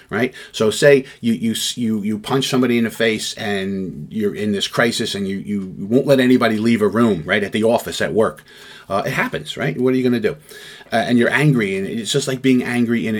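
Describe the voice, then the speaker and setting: Husky-voiced man lecturing on de-escalation. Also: fairly low pitch. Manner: conversational, checks in with "right?"; acts out quoted people with raised voice. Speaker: crisis negotiation instructor. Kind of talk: spoken lecture.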